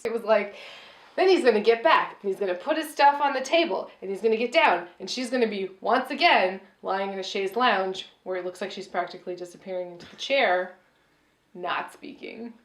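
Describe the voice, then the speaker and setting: A woman chatting through a movie review in a dry, sarcastic way. Her voice sits at an ordinary middle pitch. The recording has a noticeably echoey room sound. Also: fairly quick. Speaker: podcast co-host. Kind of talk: casual movie review chat.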